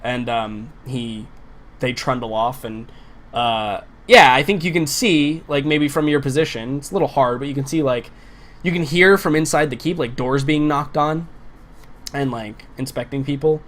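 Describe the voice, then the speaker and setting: A man's voice: medium pitch, moderate pace, a bit bright. A man narrating a tabletop game as game master, in loose narration full of fillers.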